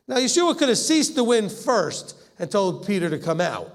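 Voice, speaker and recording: A man's voice: sits high, very animated, brisk, vocal fry, hardly any pauses. A man teaching scripture in a conversational way, acting out the quoted lines and often laughing. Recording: long hall reverb.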